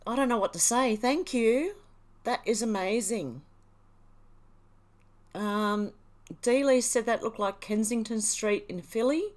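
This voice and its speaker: A woman's voice: fairly high pitch, measured pace, long pauses. Australian woman reading viewer comments aloud. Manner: reads viewer comments aloud and responds, chatty with fillers. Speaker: livestream host. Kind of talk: casual live chat reading.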